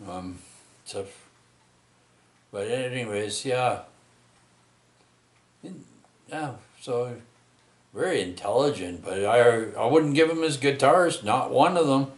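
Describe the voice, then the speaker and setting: A middle-aged man, rambling through a personal story with many halting restarts and tag questions. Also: medium pitch, expressive, echoey room. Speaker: vlogger telling a personal story.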